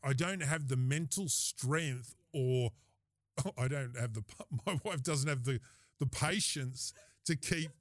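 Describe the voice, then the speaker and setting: An Australian man hosting a podcast, telling a story in a casual, animated way, often laughing and acting out what people said. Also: medium pitch, takes it slowly, no room sound, studio quality. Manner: animated, laughing storyteller who acts out quoted lines. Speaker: podcast host.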